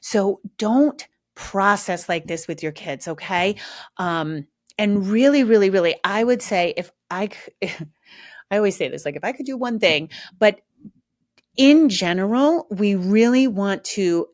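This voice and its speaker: A woman's voice: medium pitch, expressive, measured pace, a little mellow, no echo, clean studio sound. A middle-aged woman hosting a parenting podcast, talking casually and emphatically to listeners and laughing often. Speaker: podcast host, parenting advice. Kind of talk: casual solo podcast talk.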